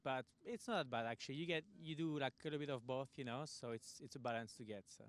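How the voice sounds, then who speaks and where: A man's voice: medium pitch, fast. A man answering in a thoughtful, loose way about his time off.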